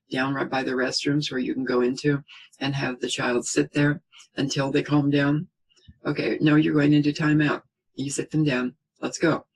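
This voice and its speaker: A middle-aged man giving a spoken parenting lesson in a calm, reassuring way, often checking in with "okay?" and acting out what a parent would say. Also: fairly high pitch, gravelly, slight background noise, poor audio. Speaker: parenting teacher.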